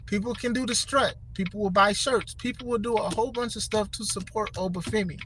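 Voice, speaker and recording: High-voiced animated man, noisy background. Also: fairly quick. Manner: animated, emphatic, repeats phrases for stress. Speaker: podcast host. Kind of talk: casual wrestling commentary. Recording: steady background noise.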